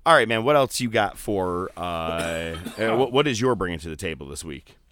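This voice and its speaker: A man co-hosting a podcast in casual, animated chat, swearing and laughing easily. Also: sits low, normal speed, a little hiss or hum. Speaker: podcast co-host.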